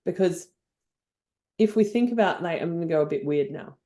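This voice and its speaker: An older woman with an Australian accent, a guest on a podcast interview, telling stories in an effusive, animated way. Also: on the low side, moderate pace. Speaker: guest NLP trainer.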